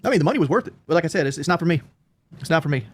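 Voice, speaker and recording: A man's voice: a little high, animated, rapid-fire. A man talking on a stream, complaining and listing his grievances with many restarts. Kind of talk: casual stream talk.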